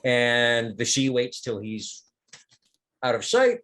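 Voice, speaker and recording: A man's voice: medium pitch, very animated, slow pace, a bit bright. A man narrating as game master of a tabletop game in a casual, rambling way.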